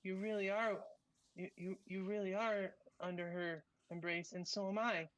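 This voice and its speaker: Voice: little pitch movement, moderate pace, no room sound, natural voice. A game master voicing a man who wakes up screaming in panic and then turns ecstatically devoted. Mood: rapturous. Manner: shrill panicked cries, then breathless rapture.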